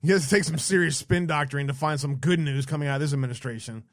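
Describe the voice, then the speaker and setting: A man's voice: fairly high pitch, quick pace, no echo, studio quality. A man co-hosting a casual political livestream, reading headlines aloud and mocking them with sarcastic, profane asides. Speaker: podcast co-host.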